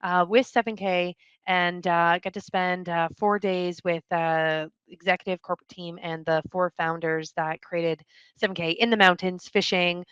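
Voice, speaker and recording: A woman speaking as a podcast guest, her voice smooth and a little low. She talks in an open, heartfelt way and pauses often. The sound is dry and dull, as if from a remote call. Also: fairly even intonation, a bit bright, dry recording. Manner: open, heartfelt, hesitant with many ums. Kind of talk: casual interview chat.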